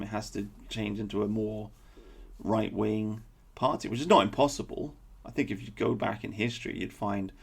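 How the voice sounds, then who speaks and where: A man's voice: on the low side, gravelly, breathy edge. A man delivering a blunt, opinionated political commentary monologue with sarcastic asides. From England.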